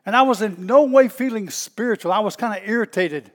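A middle-aged man with a Southern US accent, a pastor preaching in a folksy, storytelling way that bursts out loud at times. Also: sits high, brisk, big-room sound. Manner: folksy and animated, stretches words, bursts out loud. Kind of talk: storytelling sermon.

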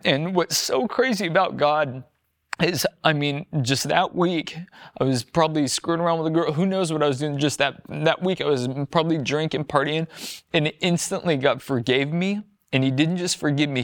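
A man's voice: a little high, moderate pace, no room sound, studio quality. A young man earnestly telling his personal faith testimony, acting out his own past words and others' in a conversational storytelling way. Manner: earnest, storytelling, frequent "like" and quoted self-talk. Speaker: former firefighter sharing testimony.

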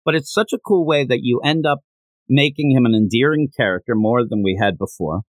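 A man's voice: mid-range voice, a little fast, dry recording, poor audio. A man co-hosting a podcast, casually discussing a manga chapter and laughing as he retells scenes. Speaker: podcast co-host.

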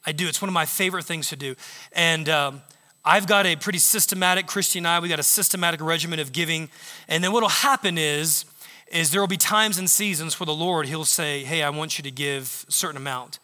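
A male pastor preaching in a church sanctuary, a high, bright voice that tells stories and acts out the lines of others. It rings through a large hall with long reverb. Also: a little fast. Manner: animated storytelling, acting out quotes. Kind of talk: sermon.

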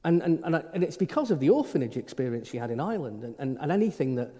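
A man's voice: a little high, very animated, quick pace, mellow. A middle-aged man, a priest, preaching an informal sermon in a conversational way, often stumbling and restarting his words. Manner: conversational, frequent stammered restarts. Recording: reverberant hall.

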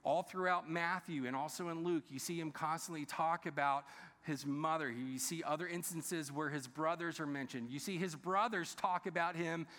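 Bright-voiced pastor preaching in a reverberant hall. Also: male voice, on the high side, normal speed. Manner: emphatic, with frequent rhetorical questions to the congregation. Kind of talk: sermon. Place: large church sanctuary. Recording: long reverb of a large church hall.

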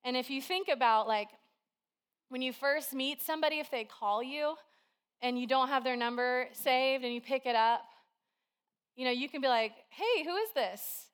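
This woman preacher's somewhat high voice has a clear, resonant tone, and she moves at a moderate pace with frequent pauses. She preaches to her church in a conversational, storytelling manner, drawing on everyday anecdotes.

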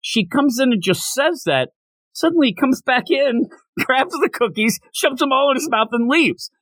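Animated man recapping a manga. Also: very high voice, normal speed, no room sound, poor audio. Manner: animated retelling with quoted lines. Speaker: podcast host. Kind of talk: casual manga recap chat.

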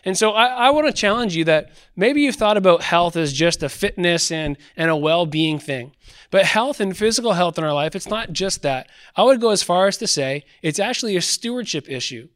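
High, smooth-voiced man preaching. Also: moderate pace. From Canada. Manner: energetic storyteller, acts out Bible quotes. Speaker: podcast host. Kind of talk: sermon-style devotional talk.

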